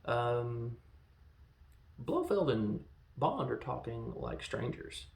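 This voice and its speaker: A gravelly-voiced man in his thirties talks through a movie in a loose, rambling review. He is animated and drops into quick quoted lines along the way. The sound is roomy and echoey. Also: medium pitch. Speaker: podcast host reviewing films.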